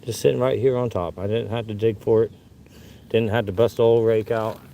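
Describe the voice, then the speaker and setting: A man's voice: fairly low pitch, steady tone, fairly quick, vocal fry, mellow. Give me an older Southern American man out of breath outdoors, talking folksy to his viewers, with faint noise behind. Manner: chatty, folksy, talking to viewers while searching. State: out of breath from climbing a hill. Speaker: fossil hunting vlogger. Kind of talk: casual live narration while hunting outdoors. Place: outdoors on a dirt hillside.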